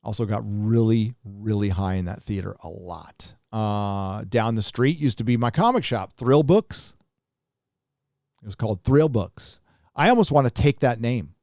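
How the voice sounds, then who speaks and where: A man's voice: mid-range voice, darkish tone, no echo, studio quality. A middle-aged man from Southern California hosting a casual livestream, reading viewer donations aloud in a rambling, laid-back way with lots of fillers.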